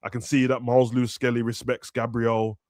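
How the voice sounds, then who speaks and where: Young male football podcast host, animated slang, dry close sound. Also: medium pitch, a little fast, no room sound. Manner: animated, slangy, acts out players in raised voices. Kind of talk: casual football chat.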